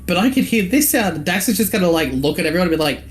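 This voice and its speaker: A man's voice: high-pitched, expressive, very fast, slight background noise. Joking man playing a tabletop game. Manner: joking, swearing, retells his character's lines. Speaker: player. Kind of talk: casual tabletop game chat.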